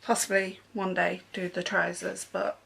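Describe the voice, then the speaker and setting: A woman's voice: fairly low pitch, level tone, unhurried, vocal fry, a bit bright, breathy edge. A young woman chatting casually in a sewing haul vlog, rambling along with frequent ums. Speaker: sewing vlogger.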